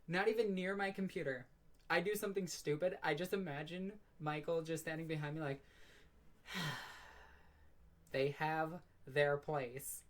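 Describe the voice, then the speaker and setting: A woman hosting her own live stream in casual, rambling chat, self-mocking and swearing freely. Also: on the low side. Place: at home by her computer.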